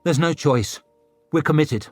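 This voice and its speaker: A man's voice: a little high, a little slow, no room sound, pitched above the performer's own voice. A man voicing a brash, eager young male lord who speaks with earnest urgency. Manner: earnest, excited.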